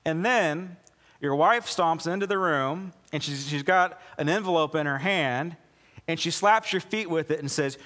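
A male pastor preaching a conversational sermon with sarcastic asides, acting out quoted lines in a lower, softer voice. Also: a little slow, long reverb tail.

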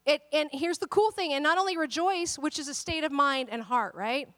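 A woman pastor in her thirties preaches with a high, bright-pitched voice, recorded dry and close with little room sound. She moves from quiet personal storytelling, acting out the voices in her story, to loud, emphatic calls to her listeners. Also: moderate pace, no room sound. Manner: personal storytelling, quotes voices in dialogue, builds to emphatic exhortation. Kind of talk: sermon.

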